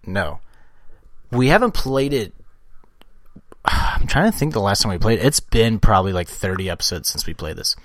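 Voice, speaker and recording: A man's voice: lowish voice, normal speed, long pauses, no echo. A man hosting a casual podcast, his voice swinging up and down as he jokes and curses. The sound is dry and close, with no room around it. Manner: joking, profane, lively. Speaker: podcast host.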